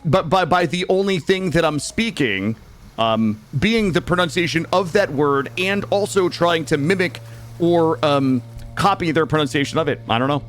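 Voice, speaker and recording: Streaming a game while nursing a cold, this American man talks loosely with his viewers, wandering off and starting sentences over. His voice runs high and fairly bright at a normal pace, over soft background music.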